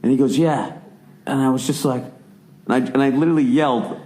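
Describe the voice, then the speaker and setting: A man in his forties from the United States, hosting a casual podcast chat and telling stories with lots of swearing and sudden jumps up in pitch when he rants. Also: brisk. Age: 40s. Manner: profane, animated storyteller who swings his voice up high when ranting. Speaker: podcast host.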